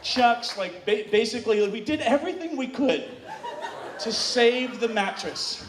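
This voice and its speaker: A man telling a bawdy story live on stage to an audience, animated and shouting out quoted moans. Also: extremely high pitch, a little slow. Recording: distant, roomy live recording with crowd noise.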